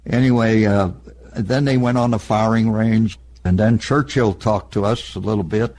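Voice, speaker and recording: An elderly man in an oral history interview, recalling past events in a plain, matter-of-fact storytelling way with a husky voice. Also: on the low side, fairly even intonation, normal speed, darkish tone. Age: older. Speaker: interviewee, veteran.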